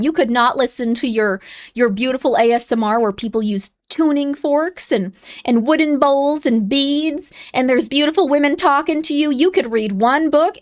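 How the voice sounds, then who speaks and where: A young adult woman streaming live, chatting casually and bubbly, playfully scolding and dropping into whispers. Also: sits high.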